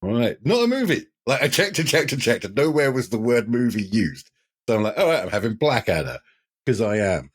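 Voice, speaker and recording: Brief: British male podcast co-host, lively pitch, husky, low, emphatic. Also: a little fast. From United Kingdom. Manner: animated, emphatic, swears casually. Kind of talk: casual chat.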